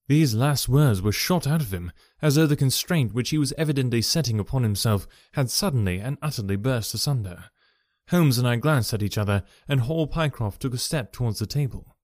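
A man narrating a classic detective story with steady storytelling. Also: medium pitch, brisk, dry recording, clean studio sound. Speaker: audiobook narrator.

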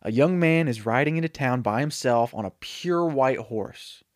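A man's voice: mid-range voice, lively intonation, normal speed, no echo, clean studio sound. A man casually retelling a made-up movie plot on a podcast, rambling and chatty, with many fillers and self-corrections. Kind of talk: casual storytelling chat.

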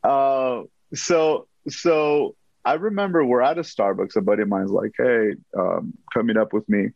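A man telling a story as an interview guest, animated and acting out quotes, often repeating himself. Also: medium pitch, measured pace, vocal fry, dry recording, muffled recording.

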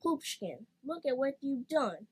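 A woman's voice: high-pitched, big pitch swings, a little slow, husky, voice pushed up, full character voice. A woman voicing a stern grown-up woman scolding a little boy in a storybook.

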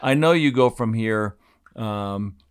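A man hosting a casual interview, prompting his guest with relaxed questions and friendly banter. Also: fairly low pitch, slow, clear, resonant tone.

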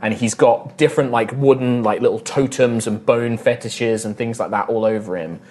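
A man's voice: mid-range voice, fairly even intonation, normal speed, a little mellow. A man running a tabletop game as game master, narrating scenes in detail with lots of casual fillers. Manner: descriptive, full of "like" fillers.

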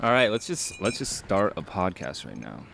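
A man's voice: low-pitched, very animated, moderate pace, creaky, fairly bright tone, a little hiss or hum. A young man hosting a casual chat podcast on a rooftop, playful and joking. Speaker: podcast host. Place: outdoors on a rooftop.

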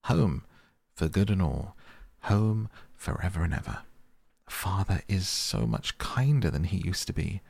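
A man voicing an excited little girl, gleeful and eager, in a sleep-story reading. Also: low voice, a little slow, vocal fry, husky, dry recording, exaggerated voice. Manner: gleeful, pleading.

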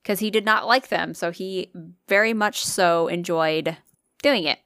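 A woman's voice: on the low side, measured pace, fairly bright tone, smooth, dry recording, clean studio sound. A young woman co-hosting a casual podcast, telling ghost stories in a chatty way, swearing and laughing often. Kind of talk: casual chat.

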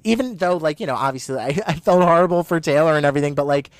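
A man co-hosting a podcast in casual chat, talking in an excitable, gushing way with quick asides, a little out of breath from the heat. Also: on the high side, dry recording. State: hot and short of breath. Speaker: podcast co-host.

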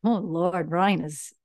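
A woman's voice: on the low side, very slow. A young woman co-hosting a podcast in casual chat, fillng her talk with "like" as she explains and defends her view. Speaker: podcast co-host.

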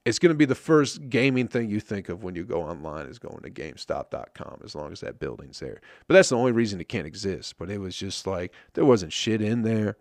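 Young man, low gravelly voice, profane rambling podcast host, dry close sound. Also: very animated, brisk, few pauses, no echo. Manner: rambling, profane, wry and self-mocking. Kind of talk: casual solo podcast rant.

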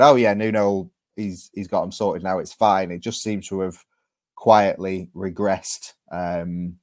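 A man talks football as a podcast guest. His voice sits a little low and he speaks in halting bursts, restarting phrases and filling gaps with ums. The sound is dry and close, with no room around it. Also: a little mellow, no room sound. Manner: hesitant, many restarts and ums. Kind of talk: casual podcast chat.

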